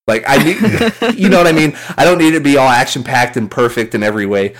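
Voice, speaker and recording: A man co-hosting a casual podcast chat, rambling and excitable, swearing casually. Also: medium pitch, fast talker. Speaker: podcast co-host.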